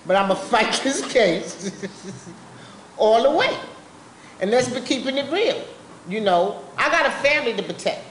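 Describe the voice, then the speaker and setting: This woman's voice is a little high and expressive, slightly slow, with frequent pauses. She speaks bluntly and passionately in everyday language, sharing personal testimony at a public forum. The live-event audio from the meeting room sounds roomy, with a faint hum of background noise.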